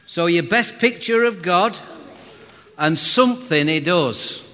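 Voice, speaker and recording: Preacher, bright higher voice, slow delivery, booming church hall. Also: male voice, lively intonation. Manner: chatty, jokey, talks straight to the congregation. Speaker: pastor. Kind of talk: sermon. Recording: reverberant hall.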